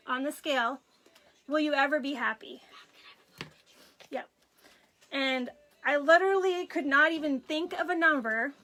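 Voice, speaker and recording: High bright-voiced woman, tearful. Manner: emotional, tearful storytelling with quoted dialogue. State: crying, runny nose. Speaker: craft vlogger. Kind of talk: personal story on a live video.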